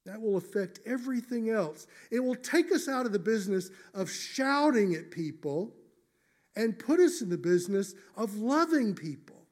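High-voiced pastor preaching earnestly. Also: male voice, animated, darkish tone. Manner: earnest, emphatic, slows to stress key phrases. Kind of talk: sermon.

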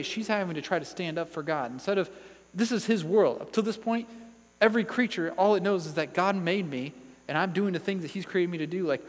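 A man preaching an emphatic, earnest Bible sermon, recorded in a church hall. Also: on the high side. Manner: earnest, emphatic Bible teaching with read-out verses. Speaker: pastor. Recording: long hall reverb.

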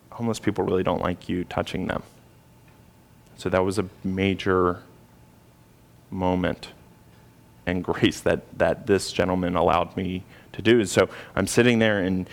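Man with a low, gravelly voice; earnest preacher recounting a personal story. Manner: earnest storytelling with hesitant restarts. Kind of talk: sermon.

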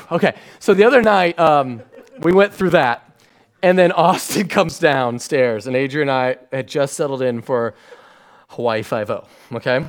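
A man, a pastor preaching a sermon to a congregation, acting out family stories with lively swings and falling soft and hushed when he turns reflective. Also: medium pitch, unhurried. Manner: animated storytelling, acting out his own shouting at bedtime. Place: church stage before a congregation.

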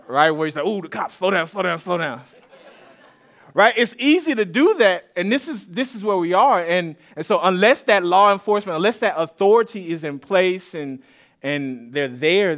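Conversational pastor from east Austin. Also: male voice, a little high, fairly bright tone. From east Austin, Texas. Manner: conversational, storytelling, with asides and laughs. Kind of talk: sermon. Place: church sanctuary.

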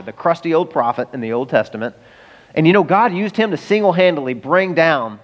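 A man preaching in a church hall, his voice trailing off into a long reverb. He retells scripture with animated, humorous storytelling and acts out the people in the story. His pitch sits mid-range for a man. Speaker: pastor. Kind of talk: sermon.

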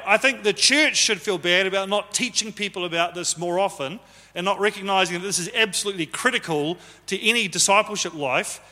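A man's voice: high-pitched, bright, forceful tone. A man, possibly, preaching a conversational sermon to his church and teasing the congregation. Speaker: pastor. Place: church hall. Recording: live sermon with long hall reverb.

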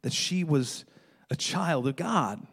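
A man's voice: a little high, expressive, slow, a bit bright, slightly rough. A middle-aged man preaching a sermon, retelling a story dramatically with stammered restarts. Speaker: pastor.

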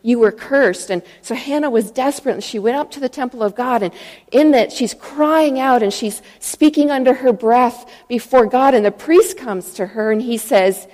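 A woman preaches a sermon in a church, her voice a little high and mellow. She speaks earnestly and tells stories, and long reverb from the hall trails behind her words. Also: moderate pace. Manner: earnest, storytelling, acts out quoted voices.

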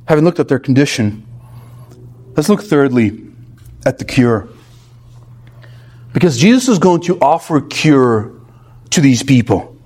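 A man's voice: medium pitch, very animated, unhurried, long pauses, a little mellow, slightly rough. A male pastor preaching an expository sermon with emphatic, rhythmic lists.

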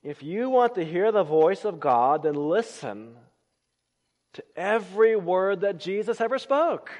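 Male preacher, sermon, fairly high voice, dramatic loud-then-hushed delivery, long hall reverb. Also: sing-song, a little slow. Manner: dramatic swings from loud emphasis to hushed low phrases.

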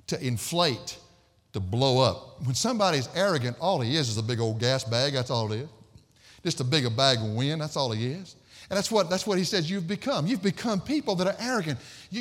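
A man's voice: sits high, big-room sound. A man preaching an expository sermon, emphatic and storytelling, repeating phrases for stress.

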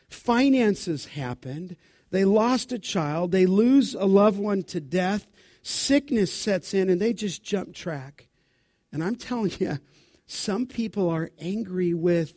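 High-pitched male preacher, dry sound. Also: no echo. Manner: asks the congregation questions and answers them; dramatic Bible reading, rising loud for quotes. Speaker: pastor. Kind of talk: sermon. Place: church.

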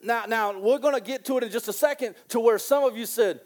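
A man preaching a sermon in an animated, excitable way, repeating phrases and stretching key lines out slowly. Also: extremely high pitch.

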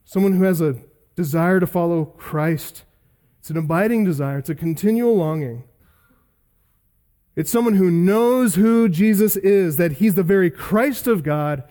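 A male pastor preaching an expository sermon, emphatic, building through repeated lists and slowing down on key words. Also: a little high, warm tone.

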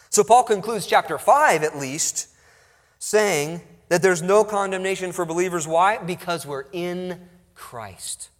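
Reading scripture and then explaining it, this man preaches an expository sermon with pauses for emphasis. His pitch runs slightly high for a male voice, and long reverb makes it sound like a big hall.

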